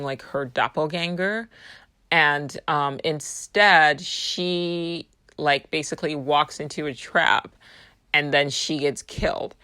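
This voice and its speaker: A woman's voice: low voice, bright, forceful tone, dry recording, studio quality. A woman talking casually in a rambling personal monologue. She laughs easily and swears freely. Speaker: vlogger.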